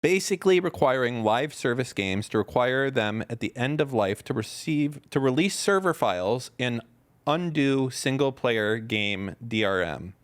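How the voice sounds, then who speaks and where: A man hosting a loose podcast chat with a voice of ordinary, middle pitch. He is blunt and often sarcastic, tossing out dry remarks as he reacts to clips. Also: expressive, unhurried, clear, resonant tone. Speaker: podcast host.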